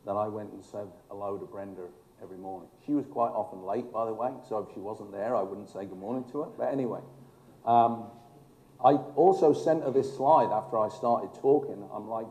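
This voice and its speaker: A man's voice: lowish voice, brisk, dark tone. A man, a former fire chief, telling emphatic stories with dry humor in a speech to an audience. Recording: echoey hall.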